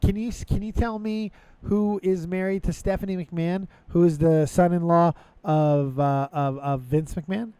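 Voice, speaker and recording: An American man hosting a casual livestream chat, joking loudly with crude banter and frequent laughter. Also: high-pitched, fairly even intonation, normal speed, smooth, dry recording. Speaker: podcast host.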